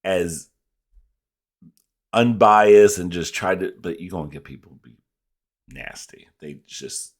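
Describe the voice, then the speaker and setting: A man's voice: low-pitched, unhurried, long pauses. A man hosting a reaction video, talking in a blunt, profane, casual way.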